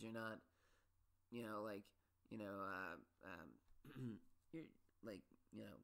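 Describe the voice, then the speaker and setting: A man's voice: fairly low pitch, takes it slowly, creaky, pauses often, fairly bright tone. A man hosting a solo podcast, ranting about his pet peeves in a rambling, restless way, with many restarts and sudden exasperated peaks. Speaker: podcast host.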